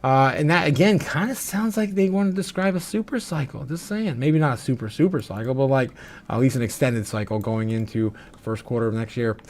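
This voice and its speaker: A man's voice: medium pitch, brisk, darkish tone, a little hiss or hum. A man hosting a livestream who sounds a little tipsy and slightly slurred, chatting loosely with lots of "uh" fillers and frequent laughter. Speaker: crypto livestream host. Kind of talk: casual livestream chat reading viewer comments.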